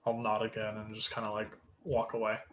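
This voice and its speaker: A man's voice: fairly low pitch, completely flat delivery, a little fast, background noise. A man playing a tabletop game, describing his character's actions in a casual, hesitant way. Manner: casual, hesitant, laughs often. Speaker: player.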